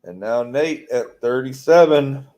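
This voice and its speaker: A man's voice: medium pitch, a little slow, dark tone. A man hosting a live-stream charity auction, calling out bids in a folksy way. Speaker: auction host.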